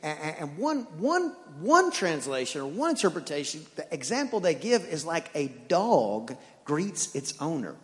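A man's voice: on the high side, sing-song, measured pace, few pauses, fairly bright tone. A man preaching a sermon, telling jokes and acting out the voices in his stories. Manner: joking storyteller, acts out dialogue. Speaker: pastor. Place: church sanctuary. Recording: long reverb of a church hall.

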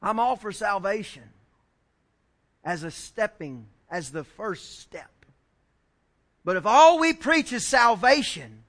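A male pastor delivers a sermon with a very high, bright voice. He mixes light jokes with emphatic, rising lines that build to shouts. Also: expressive, takes it slowly, pauses often.

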